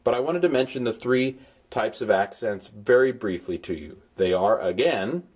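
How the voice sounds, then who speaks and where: A man with a fairly low voice gives an informal recorded lesson. He explains in a folksy way, repeats examples and sounds out syllables slowly, with playful asides along the way. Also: lively intonation, darkish tone, breathy edge. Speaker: Greek tutor.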